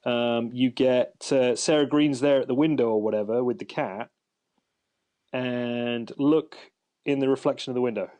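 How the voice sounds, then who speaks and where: Rambling podcast host. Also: male voice, mid-range voice, normal speed, dark tone. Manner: rambling, lots of fillers and restarts. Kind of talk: casual chat.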